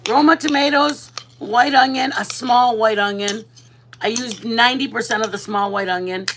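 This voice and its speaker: A woman's voice: fairly high pitch, moderate pace, background noise. A woman from Texas chatting casually while she cooks on a livestream, laughing often and mixing in Spanish words. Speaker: vlogger. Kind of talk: casual cooking livestream chat.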